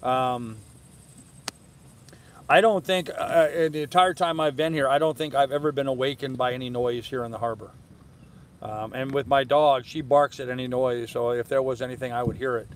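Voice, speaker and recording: A man's voice: mid-range voice, fairly even intonation, normal speed, poor audio. Easygoing older man on a boat. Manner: easygoing, rambling, with many fillers and restarts. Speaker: sailing vlog host. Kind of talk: live-stream chat, reading and answering viewer comments. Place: aboard a moored sailboat in a harbor, outdoors at evening.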